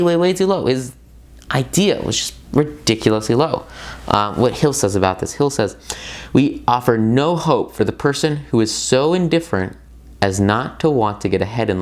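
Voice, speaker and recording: A man giving a casual motivational book commentary, excitable and emphatic, repeating words for stress and talking straight to his viewers with loose, rambling asides. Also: medium pitch. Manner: loose and rambling, with many fillers and side tangents. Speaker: self-help book reviewer.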